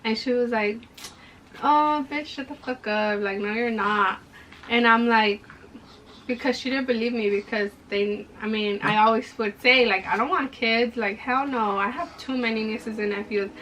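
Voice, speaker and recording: A woman's voice: fairly high pitch, fairly even intonation, moderate pace, fairly bright tone, a little hiss or hum. Chatty young woman retelling a story. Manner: chatty, many "like" fillers, reenacts dialogue. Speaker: vlogger. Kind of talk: casual storytelling to camera. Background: background music.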